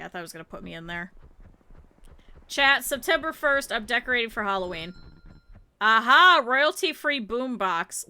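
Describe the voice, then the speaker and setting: A woman's voice: fairly high pitch, pushed and bright, clear, resonant tone. A woman streamer chatting to her viewers over gameplay, swearing freely and reacting to the game as she plays. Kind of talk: casual gameplay commentary.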